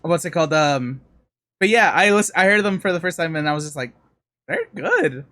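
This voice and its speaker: A man's voice: a little high, quick pace, pushed and bright, no room sound, studio quality. A man co-hosting a podcast in casual chat, rambling with fillers as he recommends songs. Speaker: podcast co-host.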